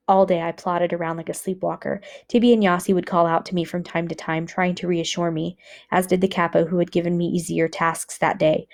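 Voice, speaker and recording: Woman teacher, measured book reading for a class, lower pitch. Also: darkish tone.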